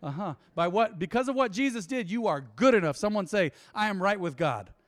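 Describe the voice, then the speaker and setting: Male pastor, fairly high voice, dry close sound, lively preaching that swells and hushes. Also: fairly quick, no echo. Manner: animated, preaching with sudden loud swells and quiet drops. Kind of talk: sermon. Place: church.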